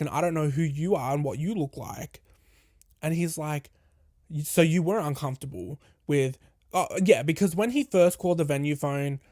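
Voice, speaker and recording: A man's voice: fairly high pitch, no echo, studio quality. A young man hosting a podcast, telling a candid, sweary storytime and acting out both sides of a conversation. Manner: candid, swearing, animated retelling with quoted dialogue. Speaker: podcast host. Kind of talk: casual storytime.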